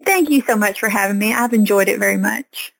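A woman's voice: mid-range voice, a little fast, gravelly, fairly bright tone, slight background noise, low-quality recording. A woman farmer, giving earnest, plain-spoken answers as a podcast guest. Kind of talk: casual interview answers.

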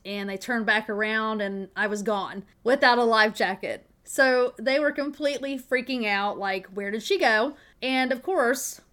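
A woman's voice: mid-range voice, a bit bright, smooth. A woman from Tennessee hosts a motivational podcast, telling folksy stories and asking rhetorical questions in an upbeat way. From Tennessee, USA. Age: adult with children. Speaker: podcast host.

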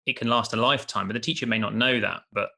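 A male podcast host asking long, hedging questions. His voice is gravelly with lots of fry, bright and tense, and he talks fast. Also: lowish voice, fairly even intonation. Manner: hedging, many fillers like "sort of". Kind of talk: interview hosting.

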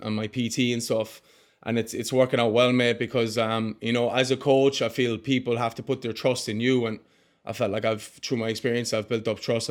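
This podcast guest is an earnest young man in his twenties who comes across as heartfelt and casual. His pitch is mid-range, and his speech is loose and friendly, packed with "mate" and "bro."

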